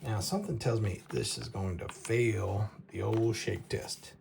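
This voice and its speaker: Man, casual knife review, halting and rambling, slow delivery, faint background hiss. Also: lowish voice, lively intonation, vocal fry, darkish tone. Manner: rambling, halting, stumbles over names with laughs. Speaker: knife reviewer, show host.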